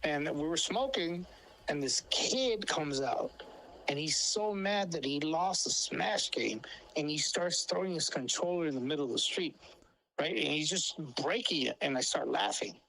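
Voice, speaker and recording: A man's voice: fairly high pitch, expressive, moderate pace, creaky, pushed and bright, poor audio. A man telling rambling stories as a co-host, with heavy swearing and many fillers and restarts. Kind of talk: casual storytelling chat.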